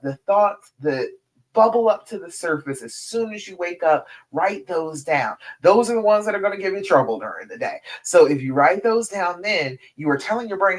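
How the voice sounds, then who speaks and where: A woman relationship coach on a live stream, leading listeners through counted breathing and talking them through journaling in an encouraging, direct way. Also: fairly low pitch. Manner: addresses listeners directly as ladies and girl.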